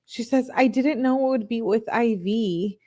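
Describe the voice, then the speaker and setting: A woman hosting a show, reading text messages aloud in a plain, steady way and breaking off for blunt, disbelieving asides to her viewers. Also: on the high side, unhurried. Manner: reads chat comments aloud to viewers. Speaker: channel host.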